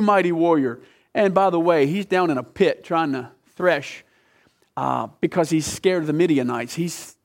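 Pastor guy preaching, kinda high voice, climbs way up quoting scripture then drops low and quiet. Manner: earnest, voice climbing high when quoting, dropping low to drive points home. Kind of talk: sermon.

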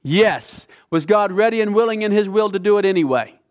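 Middle-aged guy preaching, fairly high voice, goes loud then real quiet, really into the story. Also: lively intonation, fairly quick. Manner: impassioned storytelling, swings from loud to hushed. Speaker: pastor. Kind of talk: sermon.

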